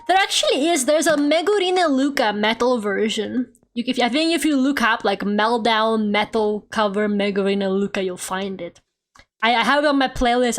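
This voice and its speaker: A woman streamer chatting casually while she draws, laughing often and swearing offhandedly. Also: on the high side. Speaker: VTuber streamer.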